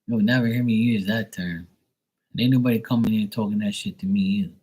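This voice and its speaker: Husky guy venting on a livestream, blunt and sweary, mocking everybody, breathy voice. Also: fairly low pitch, fairly even intonation, brisk, darkish tone, rough recording. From Bermuda. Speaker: livestream host. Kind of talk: casual rant to viewers.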